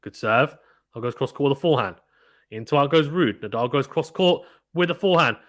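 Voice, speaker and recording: A young British man giving casual live play-by-play of a tennis match, chatty and quick to laugh, reading viewer comments aloud. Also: medium pitch, expressive.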